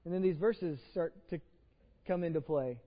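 A man's voice: on the high side, moderate pace, big-room sound, muffled recording. A pastor with a Texan accent, preaching a conversational sermon, often repeating words as he starts a phrase. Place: church sanctuary.

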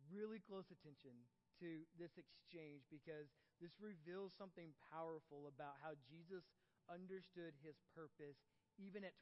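A man preaching a sermon to his congregation in a conversational way, often checking in with them. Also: a little high. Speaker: pastor. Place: church sanctuary. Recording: reverberant hall, dull muffled audio, soft guitar.

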